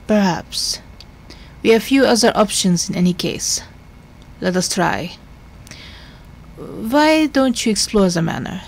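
A woman voicing a formal, earnest male Victorian doctor in a video game, measured and grave. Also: medium pitch, creaky, a little mellow, breathy edge, exaggerated voice.

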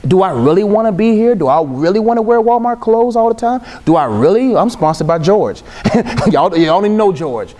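A young male speaker delivering a sermon with a fairly high voice. He preaches emphatically and casually, dropping into slang and jokes between his points. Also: lively intonation, brisk, warm tone. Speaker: Christian speaker.

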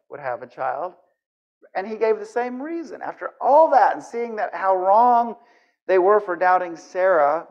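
A man preaching a sermon in a church, animated and conversational, acting out scenes as he goes. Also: sits high, muffled recording.

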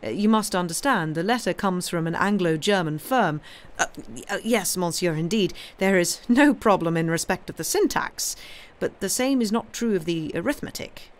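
A woman's voice: fairly low pitch, normal speed, natural voice. A woman reading aloud, voicing a pompous middle-aged male banker who stammers and turns haughty. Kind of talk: reading a novel aloud on a livestream.

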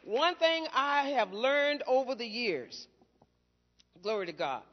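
A woman preacher giving a fervent sermon, repeating phrases and calling out to her congregation, moving between quiet teaching and loud shouting. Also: high voice, lively intonation, slow. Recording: dull recording with long hall reverb.

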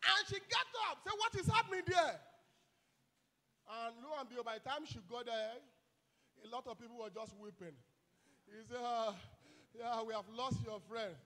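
A young Nigerian man, a youth pastor, preaching a fiery sermon full of shouted calls and repeated "hello?" to the congregation. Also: extremely high pitch, normal speed, pauses often.

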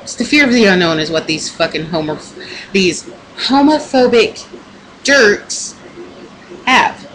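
Young woman, vlogger, profane and rambling, emphatic pep talk, mid-pitched voice, hissy home webcam recording. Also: animated, a little slow, long pauses, fairly bright tone, rough recording. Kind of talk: casual pep-talk rant to camera.

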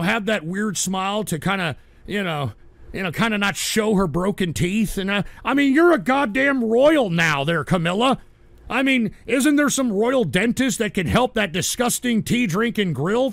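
A man hosting a live show, ranting angrily and profanely at his chat and breaking into shouts. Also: high voice, gravelly, dry recording. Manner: angry, profane, bursts into shouting. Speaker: livestream show host.

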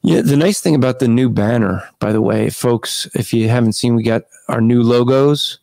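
A man hosting a casual online discussion over a video call, talking at length, restarting sentences and clearing his throat. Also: medium pitch, normal speed, darkish tone, dry recording. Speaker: podcast host.

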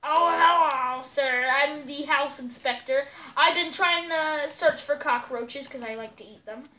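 A woman's voice: high-pitched, measured pace, pushed and bright, low-quality recording. A woman voicing a goofy male panther house inspector who eats cockroaches, talking in a playful, stumbling way during casual game role-play. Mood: silly.

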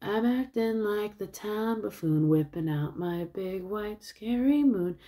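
A woman voicing a grumpy adult man who hates the holidays, half-singing his lines slowly. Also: mid-range voice, animated, mellow, pitched above the performer's own voice. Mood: sing-song. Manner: slow sing-song delivery.

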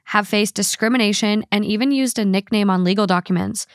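A woman hosting a podcast in casual chat, blunt and quick to swear. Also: mid-range voice, no room sound, clean studio sound. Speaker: podcast host.

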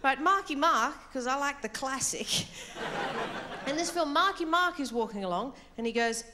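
A woman's voice: sits high, lively intonation, normal speed, background noise. A woman doing a stand-up comedy routine on stage, chatty and self-mocking as she tells her story. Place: comedy stage before a live audience. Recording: live stage mic with loud crowd. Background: audience laughter.

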